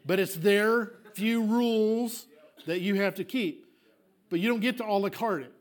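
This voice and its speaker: Emphatic high-voiced male pastor preaching. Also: measured pace. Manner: emphatic, swings from loud declarations to hushed asides; acts out congregants' objections in a small voice. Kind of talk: sermon.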